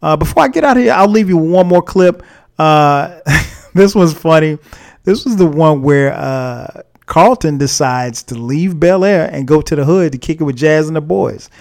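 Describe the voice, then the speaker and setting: A man's voice: a little high, expressive, normal speed, gravelly. A man hosting his own podcast, talking casually and unhurriedly with frequent fillers. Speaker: podcast host.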